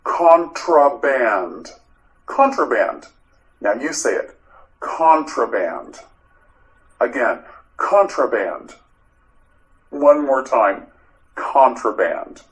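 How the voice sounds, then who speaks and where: In poor audio, a man with a medium-pitched voice teaches English vocabulary. It's a slow, drilled pronunciation lesson where he says each word several times and asks the learner to repeat it.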